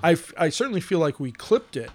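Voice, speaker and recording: A man's voice: fairly high pitch, very animated, fast, a little hiss or hum. A man co-hosting a casual podcast, answering with wry, good-natured comebacks. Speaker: podcast co-host.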